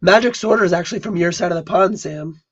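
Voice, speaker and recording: This is a man with a hoarse, worn-out voice, pitched slightly high, chatting on a casual livestream. He often trips over his words and repeats himself. The recording sounds dull and lo-fi. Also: quick pace, a crowd in the background. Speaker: podcast co-host.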